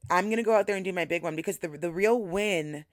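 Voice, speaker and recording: A woman's voice: lowish voice, fast, no room sound, studio quality. A young adult woman hosting a podcast, telling a story casually, swearing freely and hyping herself up emphatically. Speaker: podcast host.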